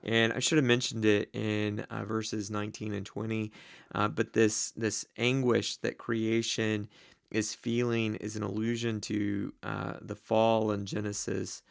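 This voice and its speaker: A man teaching the Greek grammar of a Bible passage, slow and deliberate, with many ums and uhs. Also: lowish voice, flat delivery, creaky, dry recording, clean studio sound.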